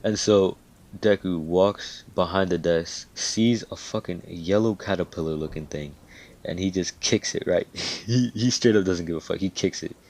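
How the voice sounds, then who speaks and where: Deep-voiced man casually telling a fan story. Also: normal speed, a little mellow. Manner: loose and profane, with frequent fillers.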